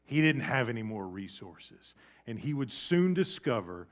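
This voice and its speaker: A man preaching a sermon with dramatic swings from loud emphasis down to a hushed near-whisper. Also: mid-range voice, very animated, a little slow. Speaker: pastor. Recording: dull lo-fi sound.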